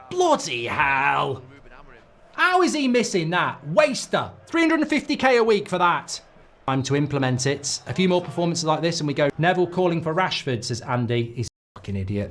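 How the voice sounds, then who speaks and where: A man's voice: high voice, sing-song, moderate pace, fairly bright tone. A middle-aged man hosting a football watchalong, ranting in live match reaction with frequent swearing.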